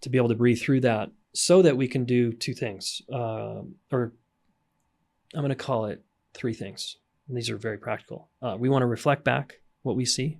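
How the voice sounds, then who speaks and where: A man's voice: medium pitch, normal speed, gravelly. A man talking frankly as a podcast guest, giving practical advice on raising and repairing with children. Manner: frank, animated, acts out parent voices. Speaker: guest, relationship coach. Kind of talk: podcast conversation.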